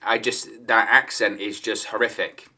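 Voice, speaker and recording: A man's voice: lowish voice, steady tone, a little slow, pushed and bright. A man giving solo opinion commentary on wrestling news, in a conversational manner and repeating his points for emphasis.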